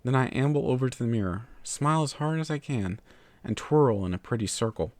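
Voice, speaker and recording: A man narrating a fan fiction story in a steady, measured way. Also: medium pitch, no room sound. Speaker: story reader.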